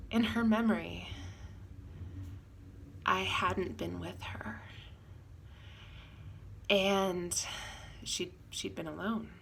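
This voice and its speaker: A woman telling a personal story in a reflective, halting way, often dropping into soft whispered asides. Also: medium pitch, vocal fry, slight background noise. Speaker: podcast host.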